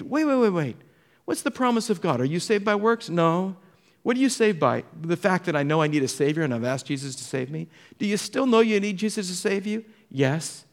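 Animated male pastor preaching a sermon. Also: high voice. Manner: animated storytelling, acting out voices of the people in the story.

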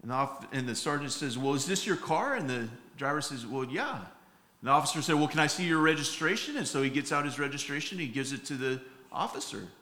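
A man's voice: fairly high pitch, lively intonation, fast talker, bright, forceful tone, roomy sound. A man preaching a sermon, telling funny stories and acting out the lines of each character, with frequent fillers and restarts. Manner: storytelling with acted-out quotes, many fillers and restarts. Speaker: pastor.

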